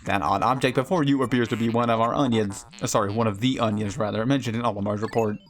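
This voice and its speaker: A man voicing a deep-voiced male ship's robot that talks in a stiff, formal, dutiful way. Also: fairly even intonation, quick pace, soft background music, natural voice.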